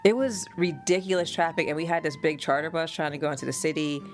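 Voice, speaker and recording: A woman from the United States, a podcast host and mother, telling family stories in an animated, casual way and laughing often. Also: sits low, quick pace, faint music behind.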